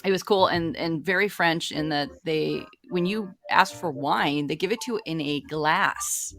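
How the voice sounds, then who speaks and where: A woman with a notably low voice, talking casually and telling stories. She rambles cheerfully and laughs often between her points. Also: measured pace, a bit bright, faint music behind. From California. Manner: chatty storyteller, laughs often. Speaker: show regular. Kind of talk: casual chat.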